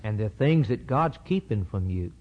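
A man's voice: fairly low pitch, animated, normal speed. A man preaching a sermon that explains Scripture, emphatic and repetitive, firing rhetorical questions. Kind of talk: sermon, Bible exposition. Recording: dull lo-fi recording.

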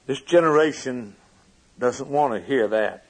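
A man preaching a sermon with fervent delivery, swinging from loud emphasis to hushed lines. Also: mid-range voice, measured pace, husky, rough recording.

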